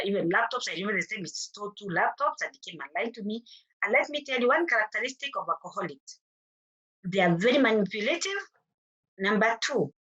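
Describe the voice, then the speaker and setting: Kenyan woman, middle-aged, earnest personal testimony, acts out quoted exchanges, forceful tone. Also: mid-range voice, muffled recording. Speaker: mother sharing her story as a forum guest.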